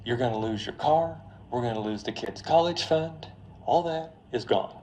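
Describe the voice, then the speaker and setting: A man's voice: mid-range voice, normal speed, dark tone, dull audio, a little hiss or hum, close to an everyday voice. A man voicing a downcast working man who mows yards, explaining his losses in a plain, resigned way.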